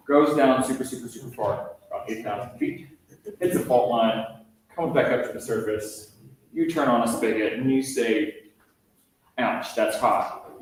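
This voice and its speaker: A man explains things to a group as a park ranger and historian, talking loosely with frequent ums and uhs. He sounds far from the microphone, and the room around him is very echoey. His pitch sits in an ordinary middle range. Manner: loose, conversational explaining with many fillers. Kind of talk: guided talk to visitors.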